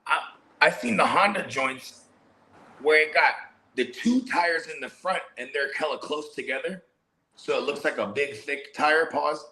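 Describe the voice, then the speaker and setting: A man's voice: a little high, a little slow, bright, forceful tone. A man co-hosting a casual show, rambling through slangy stories that trail off mid-thought. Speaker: co-host. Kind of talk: casual chat.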